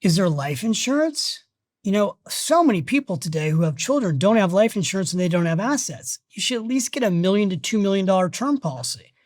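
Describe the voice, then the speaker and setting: A middle-aged man, a guest on a podcast interview, who talks about money in an emphatic, energetic way and tells stories as he goes. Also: high voice, a little fast, no echo, studio quality. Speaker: guest, financial author.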